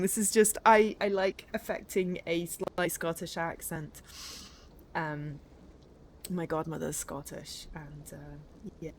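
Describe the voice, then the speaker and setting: A woman's voice: sits low, fairly even intonation, measured pace, a little hiss or hum. An English woman streaming herself playing a game, chatting in a rambling way that keeps interrupting itself. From northern England. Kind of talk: casual chat while playing a game.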